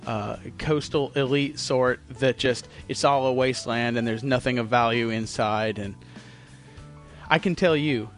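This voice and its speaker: A man's voice: mid-range voice, a little slow, faint music behind. A man hosting a podcast, ranting casually and profanely. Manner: profane, heated, swings into loud mocking voices. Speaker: podcast host. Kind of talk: casual opinionated rant. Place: Myrtle Beach, South Carolina.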